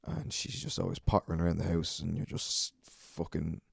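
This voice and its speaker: A man's voice: sits low, animated, normal speed, vocal fry, breathy edge, no room sound, studio quality. An Irish man hosting a solo podcast, rambling and swearing a lot, self-mocking and a bit out of breath. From Ireland. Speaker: podcast host.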